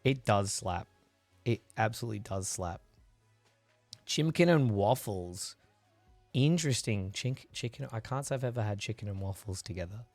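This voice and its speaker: Low-voiced chatty man, coughing. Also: brisk, dry recording, soft background music. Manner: rambling, chatty, reads and answers chat. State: recovering from a chest infection, coughing. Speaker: livestream host. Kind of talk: casual chat with live viewers.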